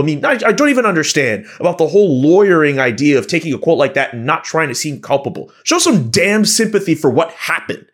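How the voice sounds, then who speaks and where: Fired-up man with a lively voice. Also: on the high side, slightly rough. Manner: impassioned, fired up. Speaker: panelist. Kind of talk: heated panel discussion.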